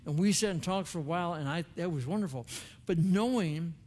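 A man's voice: fairly high pitch, fairly quick, a little mellow. An older man, a former chaplain, preaching a sermon in an earnest, conversational storytelling way with emphatic turns. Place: church sanctuary.

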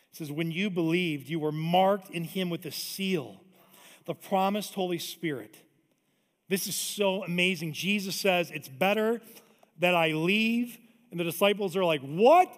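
A middle-aged man preaching with real drive, his voice pitched a little high and pushing hard on key lines. The sound carries a long church-hall reverb. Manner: energetic, emphatic preaching with rising intensity and quick asides. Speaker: pastor. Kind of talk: sermon. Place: church auditorium.

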